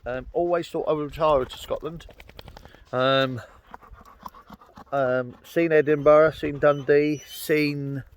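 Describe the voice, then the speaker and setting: Taking it slowly with long pauses, a man from London speaks in a slightly high voice with fairly even intonation. He's vlogging on a Welsh hillside with dogs nearby, rambling chattily amid ums and uhs, and there's slight background noise.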